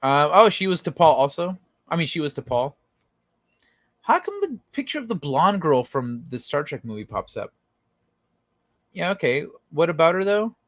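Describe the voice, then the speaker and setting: A man's voice: a little high, sing-song, moderate pace, long pauses, fairly bright tone, no echo. Laughing, foul-mouthed streamer man. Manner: laughs often and swears freely; rambling, with frequent fillers and tangents. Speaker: livestream host. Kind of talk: casual live-stream chat, reading chat comments aloud.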